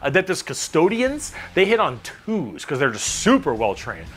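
A man's voice: a little high, moderate pace, breathy edge. Jokey man explaining with energy. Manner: energetic, jokey, swears freely. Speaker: video explainer narrator. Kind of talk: comedic explainer narration.

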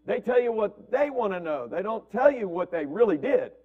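A man's voice: high voice, big pitch swings, moderate pace, highs cut off. A man preaching a conversational sermon as pastor, repeating words and checking in with "right?". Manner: asks "right?" constantly, repeats words, acts out family quotes.

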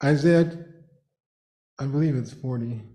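A man's voice: medium pitch, measured pace, warm tone. A man preaching a sermon in church, fervent, repeating phrases and breaking into laughter. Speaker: pastor.

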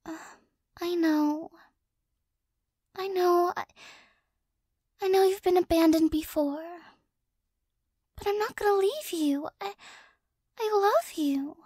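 Very high, slow-spoken woman in whispered role-play. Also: no echo, clean studio sound. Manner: soft, flustered, doting, with frequent stammers and sighs. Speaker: ASMR creator.

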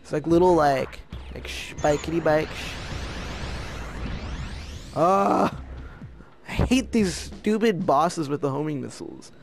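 A man giving casual, excitable gameplay commentary, prone to frustrated outbursts and slang. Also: a little high, slow, gravelly, pauses often, over music. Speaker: let's play gamer.

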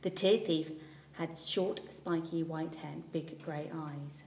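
A woman teacher reading a children's storybook aloud, expressive and at times dropping to a whisper. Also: fairly low pitch. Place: school classroom. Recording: echoey room, far from the mic, faint hum.

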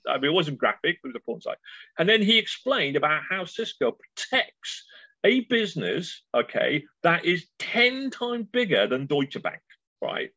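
A man, a guest in an interview, telling stories with lively enthusiasm. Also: fairly high pitch, breathy edge, no echo. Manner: animated storyteller, enthusiastic. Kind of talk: casual interview chat. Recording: dull lo-fi sound.

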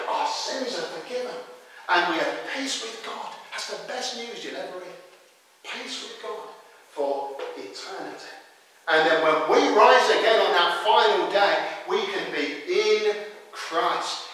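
A man with a fairly high voice delivers an emphatic sermon, putting questions to his listeners. He sounds distant from the mic, and his words ring through a large, echoey church hall with a long reverb tail. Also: a bit bright. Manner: emphatic, asks the congregation questions. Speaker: preacher.

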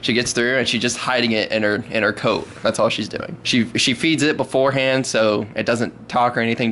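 A man's voice: medium pitch, a bit bright, a little hiss or hum. A man telling a long joke in a casual, rambling way, often repeating his words as he goes. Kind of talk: casual storytelling.

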